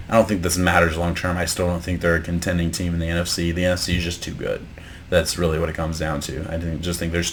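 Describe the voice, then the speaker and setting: A deep-voiced sports podcast host gives his casual reaction to the week's football games, with a little hiss or hum in the background. His musing is laid-back and loose, but he doubles back, restarts often, and works himself into heated, profane rants about bad coaching.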